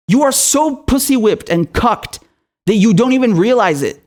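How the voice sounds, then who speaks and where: A man's voice: very high voice, sing-song, brisk. Furious profane man ranting politics. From Syria. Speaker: political commentator. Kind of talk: angry political rant.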